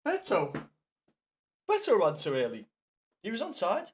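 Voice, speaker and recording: Young Scouse streamer, loose rambling match chat to viewers, pitch a touch high. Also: male voice, wildly swooping pitch, unhurried, pauses often, slight background noise. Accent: Liverpool Scouse. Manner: rambling, swears often, talks to chat viewers by name. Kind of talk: casual live-stream football chat.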